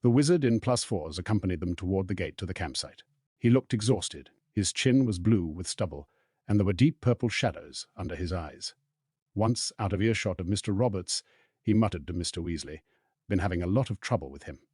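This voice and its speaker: A man narrating an audiobook in a steady, storytelling read. His voice sits deep and a little husky. The sound is dry and close. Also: a little fast, dry recording.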